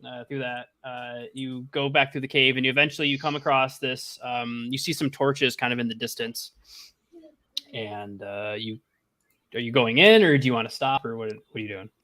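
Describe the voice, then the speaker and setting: A man narrating as game master, halting and restarting, often laughing. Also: mid-range voice, sharp tone.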